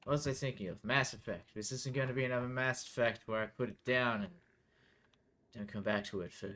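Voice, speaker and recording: A man streaming a video game, chatting casually, swearing and yelling at enemies on screen. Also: mid-range voice, brisk. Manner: animated, swearing, talks to the game. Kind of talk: casual gameplay commentary.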